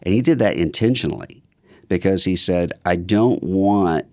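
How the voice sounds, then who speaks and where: Deep-voiced older man, measured storyteller. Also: a little mellow, no room sound, clean studio sound. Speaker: guest. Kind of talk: casual conversation.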